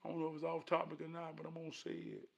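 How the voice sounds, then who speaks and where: A man giving a casual motivational talk in an animated, preachy way, with streetwise slang. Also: a little high, very fast, vocal fry, lo-fi sound.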